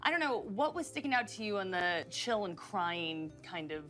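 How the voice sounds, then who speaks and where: A woman hosts a gaming livestream with a medium-pitched, very animated voice at a moderate pace. Bubbly and giggly, she reads sponsor lines and hands off to guests while loud music plays beneath her.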